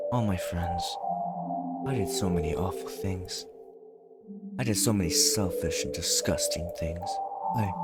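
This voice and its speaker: A man reading aloud the lines of a lovestruck, possessive teenage girl from a visual novel, moving between teasing and anguish. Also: low-pitched. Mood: remorseful. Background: loud game music.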